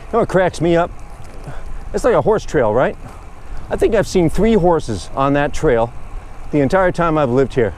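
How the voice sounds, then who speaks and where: A man's voice: a little high, lively intonation, moderate pace, long pauses, darkish tone, a little hiss or hum. A man chatting casually and rambling good-humoredly while riding his bike outdoors. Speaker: vlogger. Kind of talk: casual narration while cycling.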